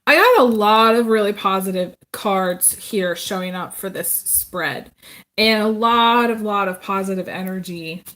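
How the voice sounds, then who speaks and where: A woman giving a casual live tarot reading, rambling and chatty, with many pauses and restarts. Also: medium pitch, a bit bright. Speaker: tarot reader.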